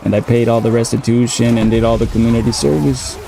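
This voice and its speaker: A man in his thirties tells a story in a loose, rambling way, full of fillers and swearing. His voice has a mellow, dark tone. A faint hiss of background noise sits under the recording. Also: mid-range voice, fairly even intonation, fast talker, vocal fry. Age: 30s. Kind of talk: casual storytelling while gaming.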